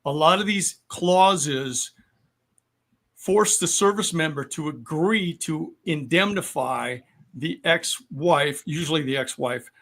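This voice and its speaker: Sixties male veteran guest, mildly high voice, patient explainer. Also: a bit bright. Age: 60s. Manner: explanatory, measured, with frequent ums. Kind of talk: podcast discussion.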